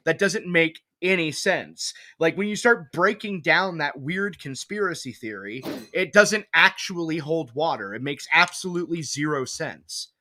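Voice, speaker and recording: A man's voice: on the high side, lively intonation, measured pace, hardly any pauses, pushed and bright. A man co-hosting a stream, making dry, joking asides in casual chat. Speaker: stream co-host.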